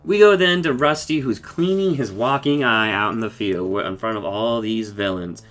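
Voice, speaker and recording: A man giving a casual, rambling recap of a cartoon episode, excitable and full of swearing and fillers. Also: fairly low pitch, normal speed. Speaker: show reviewer.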